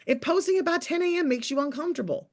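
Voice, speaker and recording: Speaking in a high voice, a woman in her thirties coaches her accountability group during a call. The pep talk comes out fast, emphatic, preachy and teasing.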